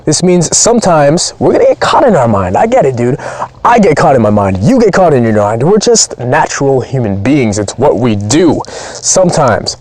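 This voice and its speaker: A man's voice: medium pitch, sing-song, moderate pace, darkish tone, dry recording. A man speaking as a performance coach, giving a blunt, profane, pumped-up motivational training talk.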